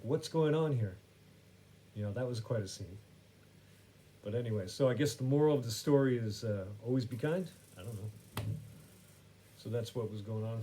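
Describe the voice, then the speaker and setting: A man's voice: medium pitch, warm tone. A man hosting a podcast who tells a story in a wry, rambling, self-correcting way. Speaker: podcast host. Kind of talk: casual storytelling monologue.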